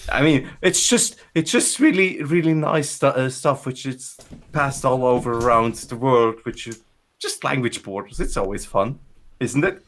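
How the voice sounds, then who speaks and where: Male podcast co-host, mid-range voice, halting and repetitive, casual. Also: mid-range voice, a bit bright. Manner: halting, repeats words while searching for them. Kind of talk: casual chat.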